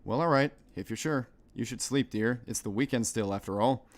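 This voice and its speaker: A man voicing a caring middle-aged mother who speaks softly and soothingly. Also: medium pitch, brisk, close to an everyday voice.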